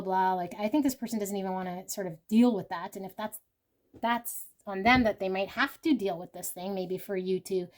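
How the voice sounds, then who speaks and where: A woman's voice: medium pitch, a little mellow. A woman giving a casual pick-a-card tarot reading, rambling and full of filler words, sometimes laughing and swearing. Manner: rambling, with lots of "like" and "you know". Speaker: tarot reader.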